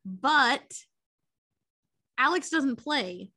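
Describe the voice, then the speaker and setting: Bright-voiced young woman recapping a movie. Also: high voice, drawn-out words. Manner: profane, animated storytelling with acted quotes. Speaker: podcast co-host. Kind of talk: casual chat, recapping a movie.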